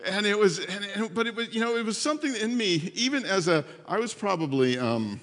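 A man preaching to his congregation, his fairly high voice carrying long reverb through the hall. He tells stories with energy and slips into the voices of the people in them. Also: fairly quick. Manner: storytelling, animated, acts out voices. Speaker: pastor. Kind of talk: sermon.

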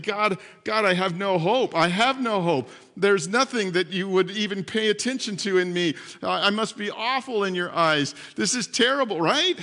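A male pastor preaching a sermon, telling a story with animated repetition and dropping to a soft hush at times. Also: high voice. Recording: long hall reverb.

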